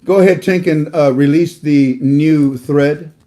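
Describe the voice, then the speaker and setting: A man's voice: on the high side, a little slow, warm tone. A man hosting an online talk, speaking casually and preachily about faith, rambling with many fillers and restarts. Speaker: host. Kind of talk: casual religious talk to viewers.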